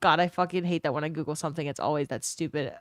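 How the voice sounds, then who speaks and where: A young woman hosting a live stream, chatting excitably with her viewers, swearing freely, and thanking them for gifts. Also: sits low, very fast, no echo, clean studio sound. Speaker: livestream host. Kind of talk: casual stream chat.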